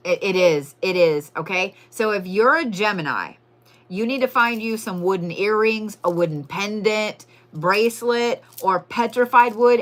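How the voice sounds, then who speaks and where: A woman's voice: medium pitch, fairly bright tone. A woman giving a casual, profane live crystal and zodiac reading, chatting to viewers as y'all. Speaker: livestream tarot and crystal reader.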